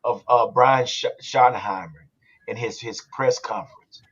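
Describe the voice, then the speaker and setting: A man hosting a casual sports podcast, talking in an animated, rambling way. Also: medium pitch, normal speed, slightly rough, muffled recording. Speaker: podcast host.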